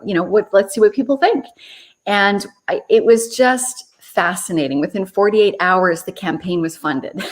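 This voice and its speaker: An earnest woman talks through her story in an interview. Her voice sits at an ordinary middle pitch, and she speaks reflectively, restarting phrases and laughing softly. It sounds like a video call. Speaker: children's book author, guest. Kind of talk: conversational interview.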